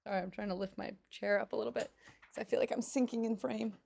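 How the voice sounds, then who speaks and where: A woman's voice: medium pitch, fairly even intonation, fast talker, creaky, darkish tone, slight background noise. A woman livestreamer chatting casually with her viewers while reacting to pet videos, rambling with lots of fillers and cooing over the animals.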